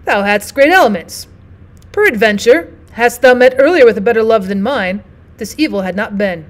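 A bitter old physician who lives for revenge, speaking in stern, old-fashioned phrases, read aloud by a woman. His voice is loud and grim, pitched a little high, and it rarely softens. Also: expressive, moderate pace, lightly acted.

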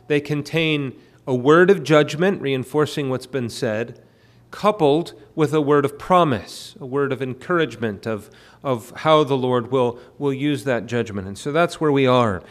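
A man preaching a sermon at a midweek prayer meeting, often pausing with fillers and repeated words. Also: mid-range voice. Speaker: pastor. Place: church.

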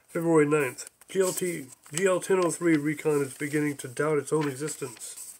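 A man's voice: fairly high pitch, steady tone, moderate pace, slight background noise. A man reading his own book aloud as an audiobook, dry and matter-of-fact. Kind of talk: audiobook narration.

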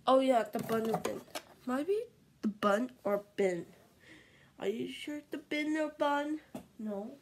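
A woman vlogging in casual, excitable chatter, pleading and dropping into whispers. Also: high-pitched, a little slow, pauses often, low-quality recording.

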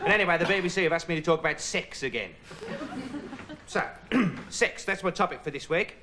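A dim, rambling TV investigator. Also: male voice, brisk. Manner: rambling, deadpan, voice jumps up high when quoting people. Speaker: comic character monologue. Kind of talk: 1980s TV sketch comedy monologue. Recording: noisy old TV recording with loud studio audience laughter. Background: studio audience laughing.

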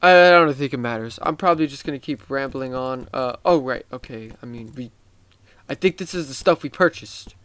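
A tired man giving casual, rambling gameplay commentary, excitable and swearing often. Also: mid-range voice, brisk, slight background noise. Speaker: gaming YouTuber.

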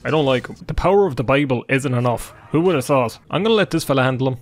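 A man's voice: medium pitch, lively intonation, quick pace, slight background noise. A man giving joking, sarcastic gameplay commentary. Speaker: gaming YouTuber.

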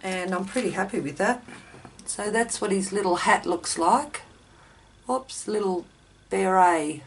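An Australian woman hosts a craft video from her home craft room, chatting casually and thinking aloud as she works, a little self-deprecating. Her mid-range voice is animated, a little slow and slightly rough. The mic is distant, and a running ceiling fan adds faint noise.

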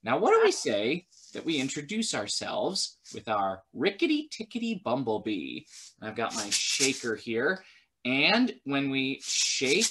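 Lively sing-song male librarian. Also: unhurried, slightly rough. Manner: sing-song, animated, with sudden high cheers. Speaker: children's librarian. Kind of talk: baby storytime with songs.

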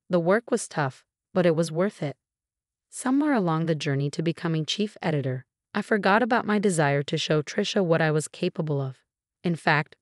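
Low-voiced woman narrating a story. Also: no echo, clean studio sound. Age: 30s. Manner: steady, even reading. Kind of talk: scripted first-person story narration.

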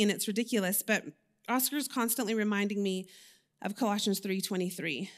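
Candid woman preaching. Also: medium pitch. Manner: candid and confessional, with frequent fillers and self-corrections. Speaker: lay preacher. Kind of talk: personal, conversational sermon. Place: church.

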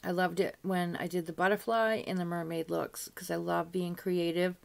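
An older woman beauty vlogger chats casually to camera, rambling along with frequent "you know" asides and light laughs. Her voice is fairly low and creaky with a darkish tone, barely moving in pitch, at a normal speed.

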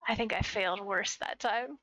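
A woman's voice: mid-range voice, moderate pace, sharp tone, no room sound. A woman streamer talking casually and self-mockingly over her gameplay. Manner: chatty, self-mocking, giggly.

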